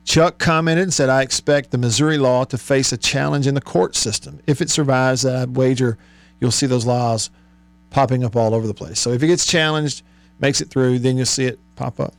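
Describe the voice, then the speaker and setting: A sports radio host with a medium-pitched, creaky voice reads listener texts aloud at normal speed and a steady tone, musing on them chattily with many fillers. The recording is dry.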